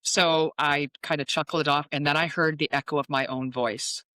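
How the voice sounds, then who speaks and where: Speaking at a normal speed in a deep voice, with no room sound, a woman in her fifties who works as a psychic medium tells a personal story during an interview. She animates it by acting out the quoted dialogue.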